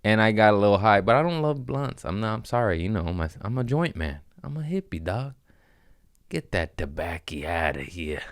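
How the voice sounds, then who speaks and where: Deep-voiced man rambling casually. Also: big pitch swings, moderate pace, dry recording, clean studio sound. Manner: jumps between topics, acts out voices. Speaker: podcast host, comedian.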